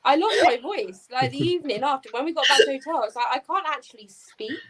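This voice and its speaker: A woman's voice: high voice, lively intonation, fast, a loud crowd, poor audio. A woman chatting as a guest on a live stream over a video call, explaining things with some hesitation. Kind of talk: casual chat on a video call.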